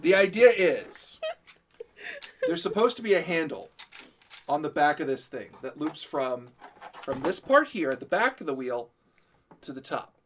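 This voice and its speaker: A man's voice: on the high side, sing-song, measured pace, pauses often, fairly bright tone, slight background noise. A young Canadian man chatting on a livestream, jokey and chiming in, explaining things in detail. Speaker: co-host. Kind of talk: casual stream chat and explaining.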